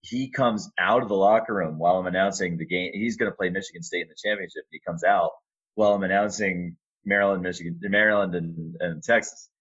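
Man, very low voice, middle-aged, relaxed storyteller, dull lo-fi sound. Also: brisk, slightly rough. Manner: relaxed anecdotal storytelling with fillers. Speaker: arena announcer and sports media relations staffer. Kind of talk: storytelling in a casual interview.

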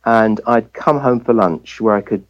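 A man's voice: fairly low pitch, unhurried, dull audio. An English man, a family physician, telling a personal story as a guest in an interview, and acting out the voices he quotes. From England.

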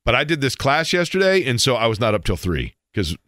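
A man's voice: medium pitch, big pitch swings, fairly quick, fairly bright tone, dry recording, studio quality. A middle-aged man hosting a sports talk radio show, rambling playfully and poking fun at himself. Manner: rambling, playful, self-mocking.

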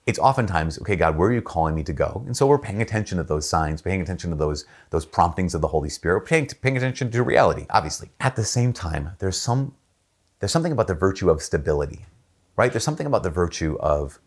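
A man speaking as a Catholic priest in a casual faith talk, telling stories in a chatty way and raising his voice to act out the people he quotes. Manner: storytelling, jumps up in pitch to act out quoted people; relaxed, chatty, with frequent fillers and restarts.

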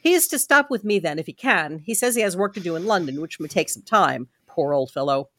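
A woman's voice: fairly low pitch, lively intonation, fairly quick, fairly bright tone. A woman reading a novel aloud on a podcast and breaking off for wry, joking asides.

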